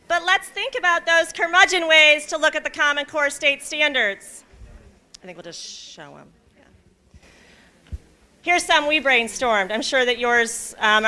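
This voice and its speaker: A woman with a bright, fairly high voice leads a teacher workshop. She talks in an animated, storytelling way and keeps checking in with the room by asking "okay?" She sounds like a presenter speaking into a microphone at a training day. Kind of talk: reading a picture book aloud, then leading a workshop.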